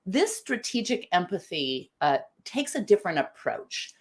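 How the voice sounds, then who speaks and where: A woman's voice: mid-range voice, very animated, measured pace. A middle-aged woman from the United States hosts a live-stream talk, thinking aloud, restarting phrases and reading out viewer comments. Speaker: live show host.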